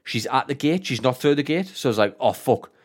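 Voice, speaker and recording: A Northern English man co-hosting a podcast, telling an animated story full of swearing and frequent laughter. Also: mid-range voice, quick pace. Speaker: podcast co-host. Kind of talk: casual chat, storytelling.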